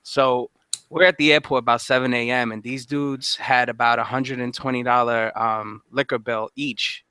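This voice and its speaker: A man in casual chat with friends, telling a travel story with laughter and loud acted-out quotes. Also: mid-range voice, fairly even intonation, moderate pace, smooth, no room sound. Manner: laughing storyteller, acts out voices loudly. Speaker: podcast co-host.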